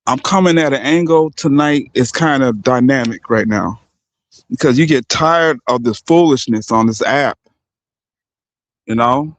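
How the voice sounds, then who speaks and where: A man's voice: fairly high pitch, no echo. A man hosting a livestream, ranting in a heated, profane way and breaking off often to apologize to his viewers. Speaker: livestream host. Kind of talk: unscripted livestream rant.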